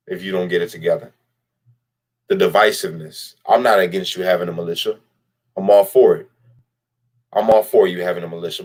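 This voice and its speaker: A man with a low, slightly mellow voice vlogs straight to camera. His commentary is blunt and profane, aimed directly at the person he's criticizing, with lines repeated for emphasis.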